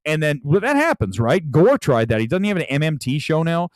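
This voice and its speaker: A man's voice: a little high, sing-song, fairly quick, no echo, clean studio sound. A man hosting a livestream, telling a rambling story in casual chat with lots of restarts. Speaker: show host. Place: Los Angeles.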